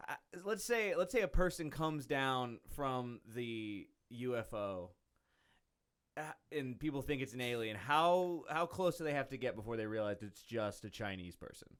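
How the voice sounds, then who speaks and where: A man with a bright, lively voice that swings widely in pitch. He tells crude jokes on a comedy podcast and laughs through his bits. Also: moderate pace, smooth. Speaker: podcast co-host. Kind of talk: casual comedy podcast banter.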